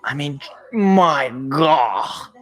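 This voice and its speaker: Young man, high pitch, sports host, sarcastic live reaction, rambling. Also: lively intonation, extremely slow, a bit bright.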